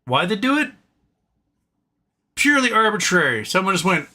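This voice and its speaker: Bright fairly high voiced guy ranting politics on his stream, sarcastic, keeps restarting, swears a lot. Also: big pitch swings, normal speed. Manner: exasperated, sarcastic, swears, mocks opponents with put-on quotes; fillers and repeated restarts. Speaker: political livestream host.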